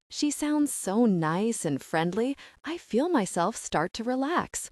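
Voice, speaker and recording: A woman reads a novel aloud with a lively, animated delivery, shifting voices as the characters trade lines. Her sound is close and dry, with no room around it. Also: fairly low pitch, unhurried, hardly any pauses, dry recording. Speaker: audiobook narrator. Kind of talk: scripted audiobook narration voicing characters.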